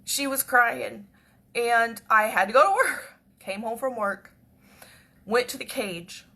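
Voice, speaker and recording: A woman telling a personal story in a chatty, repetitive way that often drops to a hush. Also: fairly high pitch, expressive, slow, gravelly. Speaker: devotional speaker.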